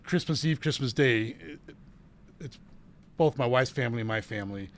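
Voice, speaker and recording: Gravelly middle-aged paranormal investigator. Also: male voice, medium pitch, lively intonation, normal speed, slight background noise. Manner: earnest, retelling a case with restarts. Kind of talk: casual storytelling.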